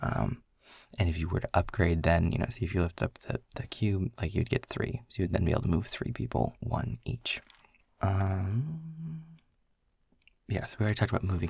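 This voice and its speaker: Low gravelly young man, rambling. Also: darkish tone, dry recording. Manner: rambling, explaining game rules with filler words. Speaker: audio role-play creator. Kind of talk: casual boyfriend role-play.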